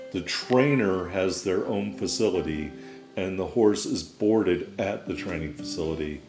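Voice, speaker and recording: A man with a very low voice chats casually through a gameplay session, drifting into wry asides. His voice sounds roomy, with game music playing clearly behind him. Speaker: gaming channel host.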